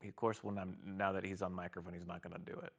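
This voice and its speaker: A man's voice: sits low, little pitch movement, quick pace, muffled recording. A man streaming live, chatting casually and rambling, sometimes cooing at his pet in a raised voice. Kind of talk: casual livestream chat.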